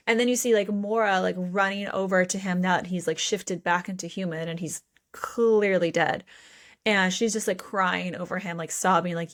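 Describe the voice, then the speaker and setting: A woman's voice: lowish voice, steady tone, normal speed. A woman co-hosting a podcast, recapping a book in casual chat with playful swearing and mock quotes. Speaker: podcast co-host.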